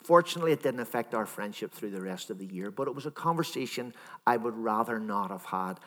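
A man's voice: lowish voice, animated, quick pace, fairly bright tone. Man preaching in a reverberant church. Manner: conversational storytelling, acts out imagined dialogue. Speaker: minister. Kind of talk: sermon.

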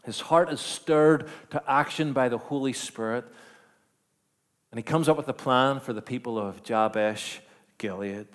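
A man's voice: medium pitch, measured pace. Man preaching with swelling emphasis. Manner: dynamic, swings from hushed to emphatic, rhetorical questions. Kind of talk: sermon.

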